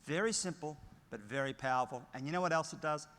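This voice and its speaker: A man's voice: fairly high pitch, fast talker, a bit bright, slight background noise. A middle-aged Australian man giving a motivational conference keynote, emphatic and story-driven with punchy short phrases. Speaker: keynote speaker. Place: large conference hall. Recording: long hall reverb.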